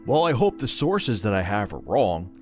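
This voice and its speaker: A man's voice: fairly low pitch, sing-song, moderate pace. A man making a video, ranting to camera in an indignant, self-righteous way. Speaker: video creator. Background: clear background music.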